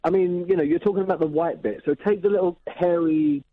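A man's voice: fairly high pitch, fairly quick, no echo. Chatty male caller on a phone line. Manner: chatty, earnest cooking advice. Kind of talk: phone-in chat.

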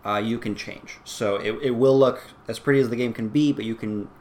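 A man's voice: mid-range voice, steady tone, brisk, darkish tone. A man co-hosting a casual gaming podcast, talking hesitantly with many fillers and easy laughs. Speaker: podcast co-host. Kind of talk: casual chat.

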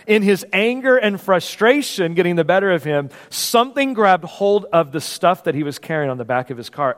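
A man preaching a sermon, telling a story with lively acted-out voices, moving between loud bursts and hushed moments. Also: fairly high pitch. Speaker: pastor. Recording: long hall reverb.

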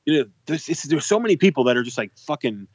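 A man co-hosting a casual podcast, telling stories in a profane, animated way. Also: a little high, fast, breathy edge, dry recording, muffled recording. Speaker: podcast co-host.

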